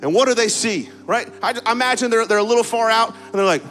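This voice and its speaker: High-voiced energetic preaching man. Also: fast talker, faint music behind. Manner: energetic, conversational preaching with frequent "right?" asides; calls the congregation to repeat words aloud. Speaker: campus pastor. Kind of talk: sermon.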